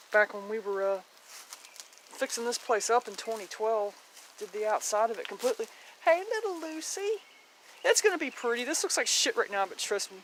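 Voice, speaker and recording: A woman's voice: medium pitch, a bit bright, a little hiss or hum. A woman giving a casual walking tour of her home garden, chatty and rambling, blunt, with mild swearing and frequent laughter.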